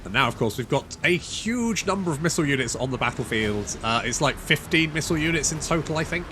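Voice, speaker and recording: A man's voice: a little high, expressive, fast talker, background noise. A man giving casual, wry commentary over a strategy game, swearing freely and chatting to his units. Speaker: gaming channel host.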